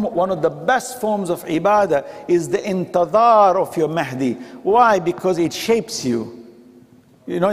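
A man delivers a sermon in a mosque with a chatty, storytelling manner, slipping into the quoted voices as he goes. His voice sits a little high for a man. The sound carries a long hall reverb. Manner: conversational, acts out quoted dialogue. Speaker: preacher.

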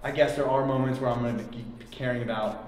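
A young man hosting a vlog, chatting casually in a gym, loose and swearing, with loud bursts of hype. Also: medium pitch, fairly even intonation, fast, a little hiss or hum. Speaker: vlog host. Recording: echoey gym with music.

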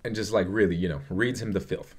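This young vlogger has a deep voice and talks fast while reviewing a movie he loves. It's a casual chat, and he rambles and gushes with plenty of swearing and fillers.

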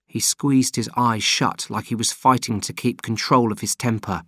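A man narrating an audiobook in a plain, steady reading voice. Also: on the low side, moderate pace, slightly rough, no echo, studio quality. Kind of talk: scripted narration.

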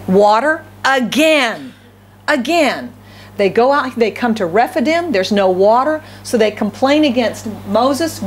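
A woman pastor delivering a sermon in a conversational way, checking in with the congregation through frequent tag questions and acting out quoted complaints. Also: fairly high pitch. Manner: acts out quoted complaints in a raised voice.

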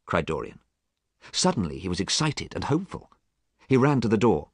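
A man with a low voice narrates a storybook for learners of English. His reading is clear and expressive, with wide swings in pitch. The sound is dry and close. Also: fairly quick, no echo.

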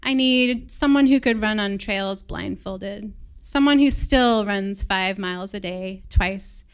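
Reading her own personal story aloud on stage to a live audience, a woman speaks in a reflective, measured way. Her voice is smooth and clear at a middling pitch, with an American accent, and she is from England.

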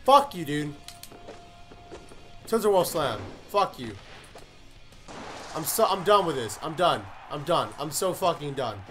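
A young man giving live gameplay commentary, cursing and breaking into loud, frustrated outbursts. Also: a little high, expressive, a little slow, long pauses, faint music behind. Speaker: gaming commentator.

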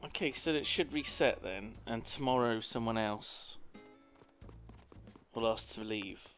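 A man's voice: medium pitch, a little slow, fairly bright tone. A man streaming a video game, chatting and rambling casually with playful asides. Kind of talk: casual gameplay commentary. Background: faint game music.

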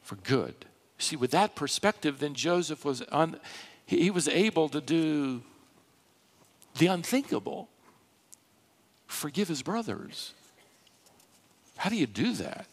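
A man preaching a sermon from a church pulpit, slow and dramatic, swelling into emphatic rises. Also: a little high, animated. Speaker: pastor. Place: church sanctuary.

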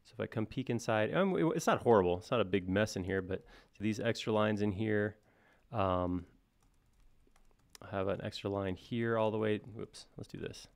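A man teaching software on a live stream, thinking aloud in a casual, self-deprecating way as he works. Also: lowish voice, normal speed, vocal fry. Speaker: software instructor. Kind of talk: live-stream modeling tutorial.

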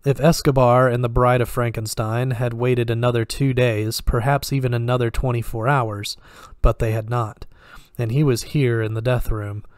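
Man, story reader, steady narration, mid pitch, dry close sound. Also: moderate pace, clear, resonant tone, dry recording. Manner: steady reading with small restarts. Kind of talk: audiobook narration.

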